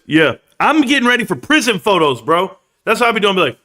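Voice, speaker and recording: A man's voice: sits high, brisk, hardly any pauses. A man hosting a casual livestream, talking loosely in slang and reading out chat comments. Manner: loose, slangy, animated, reads chat aloud. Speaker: livestream host.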